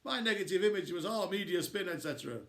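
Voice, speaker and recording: Guy reading a grumbly old vampire who feels hard done by, storybook voice, bit high, roomy echo. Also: expressive, quick pace. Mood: aggrieved. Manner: aggrieved, self-justifying. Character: self-pitying old male vampire on TV. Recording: echoey room.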